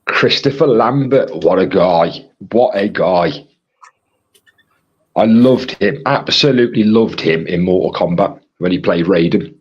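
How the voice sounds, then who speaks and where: A man with a husky, fairly low voice reads out chat comments in a rambling, casual way as co-host of a live stream. The sound is dull and lo-fi. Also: lively intonation, measured pace.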